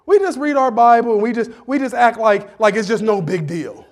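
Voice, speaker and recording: A man's voice: very high voice, lively intonation, a little fast, hardly any pauses. A man preaching a sermon in a church, talking to the congregation in a humorous, conversational way that builds into fervor. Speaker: pastor.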